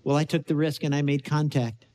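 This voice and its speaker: A middle-aged man preaching a sermon, his voice sitting a little high for a man. He tells stories earnestly and builds to emphatic, insistent points for the congregation. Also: fairly even intonation, brisk, darkish tone. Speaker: pastor.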